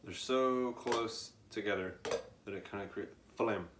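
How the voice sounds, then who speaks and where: Male drum teacher, unhurried and low, recorded in an echoey room with loud dish clatter behind. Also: very noisy. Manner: slow, relaxed, counts aloud while demonstrating. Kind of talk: casual instructional demo.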